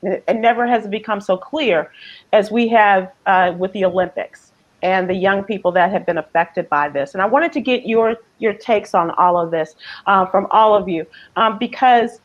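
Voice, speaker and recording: A woman hosting a casual news discussion, thoughtful and halting, with lots of fillers. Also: medium pitch, dull audio. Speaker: host.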